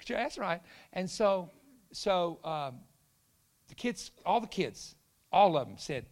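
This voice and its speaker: Animated preacher man, high voice. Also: takes it slowly. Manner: animated, acts out quoted voices, shouts punchlines. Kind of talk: storytelling sermon.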